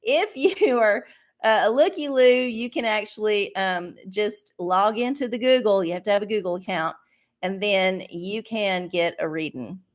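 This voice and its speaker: A woman's voice: mid-range voice, moderate pace. A woman hosting a casual livestream, ranting and swearing with a sarcastic edge. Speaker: livestream host.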